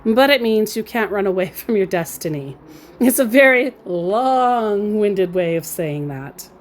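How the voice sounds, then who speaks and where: Woman, unhurried storytelling, amused, laughs often, mid-pitched voice. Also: animated, slight background noise. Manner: slow, amused, reads out quotes with laughs. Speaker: scambaiter recounting a chat. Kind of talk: casual storytelling vlog.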